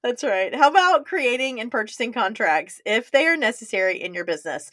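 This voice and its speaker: A woman co-hosting a podcast in casual chat, telling animated stories and acting out what people said. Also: a little high, a little fast, few pauses. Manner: animated storyteller, acts out quotes, laughs often. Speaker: podcast co-host.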